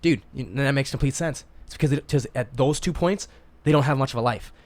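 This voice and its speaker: Fast-talking young man hosting a podcast. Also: mid-range voice, a little mellow, no echo. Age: 20s. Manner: fast, emphatic, swears freely. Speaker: podcast host. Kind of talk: casual chat.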